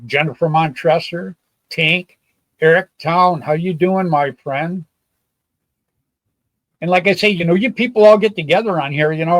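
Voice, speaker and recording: A man's voice: on the high side, no room sound, low-quality recording. An older man hosting a casual live-stream chat, rambling and folksy, often repeating himself. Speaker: show host.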